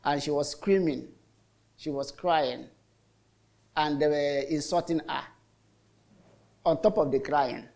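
A man's voice: on the high side, slow pace, vocal fry, pauses often, darkish tone. A middle-aged Nigerian man preaching a sermon as a pastor, telling stories in a chatty way with lots of repetition. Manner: chatty storytelling with repetitions and mock voices.

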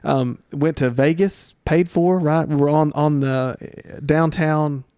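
A middle-aged man as a podcast guest, telling stories in a casual, animated way and acting out the voices of people he quotes. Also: measured pace, clear, resonant tone, no echo, studio quality. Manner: animated storyteller, acts out quotes with jumps in pitch. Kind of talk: casual storytelling interview.

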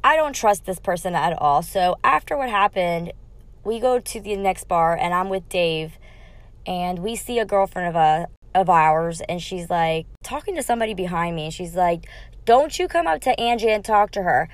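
A young woman hosting a podcast, telling a bar story in a lively, profane, laughing way. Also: on the low side, moderate pace. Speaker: podcast host. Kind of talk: casual storytelling chat.

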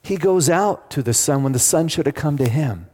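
A man's voice: a little high, lively intonation, normal speed, a little mellow. Man preaching in a reverberant hall. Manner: engaging, asks the congregation questions. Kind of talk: sermon.

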